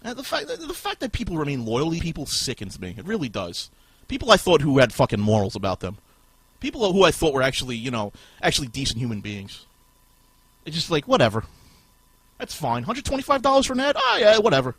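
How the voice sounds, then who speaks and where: A man hosting a podcast, ranting furiously and swearing, with shouted bursts. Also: medium pitch, very animated, fairly quick, slightly rough, no room sound. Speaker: podcast host. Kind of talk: profane ranting podcast talk.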